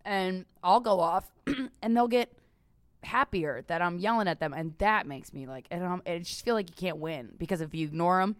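A woman's voice: lowish voice, normal speed, dry recording, studio quality. A young woman co-hosting a casual talk show, blunt and profane as she vents frankly. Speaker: podcast co-host. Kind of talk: casual chat.

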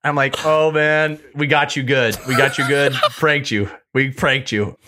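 A young man co-hosting a comedy podcast, pitching a prank as a lively story and acting out the other people's lines. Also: a little slow, slight background noise. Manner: animated storytelling with acted-out quotes, lots of laughter. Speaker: podcast co-host. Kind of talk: casual comedic chat.

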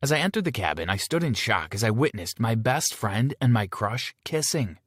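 A man narrating a first-person teen story with an expressive delivery. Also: mid-range voice, moderate pace, no room sound, studio quality.

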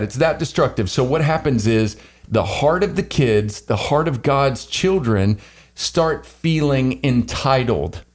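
A male podcast co-host who talks in an emphatic, preacher-like way, throwing out rhetorical questions and jokes. His pitch sits in the ordinary middle for a man. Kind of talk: casual podcast discussion.

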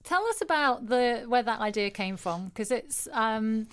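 A woman hosting a podcast, chatting casually with guests, laughing easily and pausing on frequent ums. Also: fairly high pitch, expressive. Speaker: podcast host. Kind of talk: casual chat.

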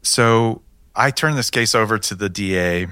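A man's voice: fairly low pitch, unhurried, bright, forceful tone, clear, resonant tone, dry recording. A man, a police detective, telling his case in a matter-of-fact way with dry humor. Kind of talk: storytelling interview answers.

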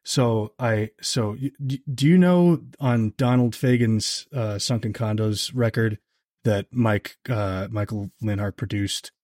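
A man guesting on a podcast, telling an anecdote in a casual, animated way, with lots of "like" fillers. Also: measured pace, dry recording, studio quality. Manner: animated, heavy on "like" fillers, jumps higher when quoting others. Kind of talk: casual storytelling chat.

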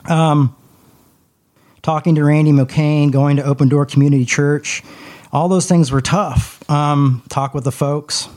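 A young adult man telling a personal story in a casual podcast chat, with his voice jumping up high when he quotes others. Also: a little slow. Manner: animated, rises high when quoting others. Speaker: podcast co-host.

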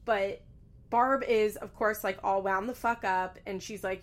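A woman's voice: medium pitch, fairly even intonation, a little slow. A woman giving a casual, chatty recap with lots of fillers and swearing. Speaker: reality TV recap host. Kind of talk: casual commentary.

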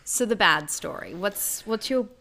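A woman's voice: medium pitch, lively intonation, measured pace, gravelly, over loud music. A young woman co-hosting a podcast, chatting casually and teasing her friend. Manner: playful teasing, laughs often. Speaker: podcast co-host. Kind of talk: casual chat.

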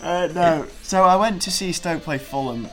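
A man's voice: high voice, moderate pace, soft background music. A young man co-hosting a casual football podcast, telling a rambling anecdote with frequent restarts. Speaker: podcast co-host.

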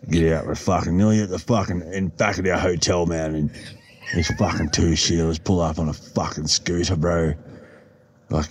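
A man's voice: deep voice, fairly even intonation, moderate pace. A man calling in with a rowdy, profane story. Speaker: caller leaving a voice message. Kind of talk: casual anecdote.

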